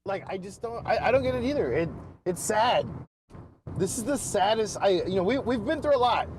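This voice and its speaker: A man co-hosting a casual podcast, talking excitably with lots of "like" and restarts. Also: high-pitched, brisk, noisy background. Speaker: podcast co-host. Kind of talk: casual sports and pop culture chat.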